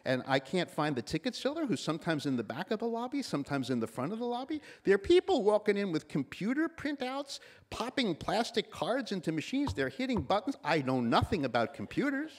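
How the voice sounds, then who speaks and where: A man's voice: high-pitched, very animated, brisk, hardly any pauses. A man in his sixties with a slightly nasal voice gives a commencement address, telling stories and acting out the voices of people he quotes. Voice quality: a little nasal. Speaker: commencement speaker.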